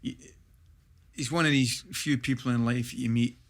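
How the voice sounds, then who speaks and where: An older man with a Scottish accent telling a football story with animated energy and laughing asides. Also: mid-range voice, normal speed, vocal fry. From Scotland. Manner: lively anecdotal, broad dialect, laughing asides. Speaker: guest.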